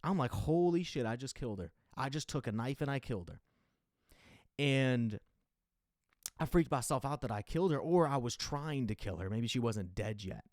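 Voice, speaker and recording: A young man spins a rambling personal story in loose, slang-heavy speech full of swearing. When he quotes his own panicked thoughts, he drops low and hushed. The voice sounds close and dry, with no room around it. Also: lively intonation, normal speed, no echo. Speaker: podcast host. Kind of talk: casual storytelling monologue.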